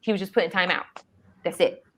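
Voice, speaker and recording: Middle-aged mom, deep voice, blunt and emphatic, just chatting. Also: female voice, steady tone, fast, a bit bright. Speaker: mother and co-host. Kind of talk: casual chat.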